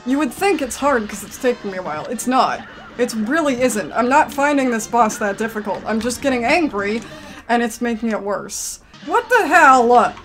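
Female let's-play commentator, higher voice, irritated grumbling with flare-ups, soft game music underneath. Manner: exasperated, grumbling, swings to outbursts. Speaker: gaming commentator.

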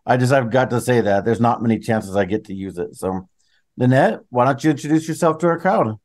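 A man's voice: mid-range voice, animated, fairly quick, darkish tone. Enthusiastic male podcast co-host. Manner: enthusiastic, chatty. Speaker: co-host, chemistry teacher. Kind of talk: podcast co-hosting chat.

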